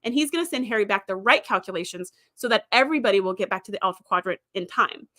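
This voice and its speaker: A woman's voice: medium pitch, animated, quick pace, bright, forceful tone. A woman host recapping episodes in a chatty way, with fillers and quoted lines acted out. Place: streaming setup.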